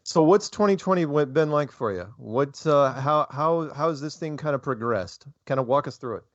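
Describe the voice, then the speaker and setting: Rambling, animated host. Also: male voice, on the high side, moderate pace, no room sound, dull audio. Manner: rambling, animated, laughs often. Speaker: show host. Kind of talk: casual interview chat.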